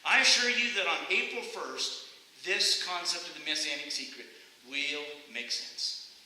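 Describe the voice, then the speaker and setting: Male pastor, conversational sermon, high expressive delivery, church hall reverb. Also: unhurried. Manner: animated, conversational preaching with rhetorical questions. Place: church sanctuary. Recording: echoey hall, faint hiss.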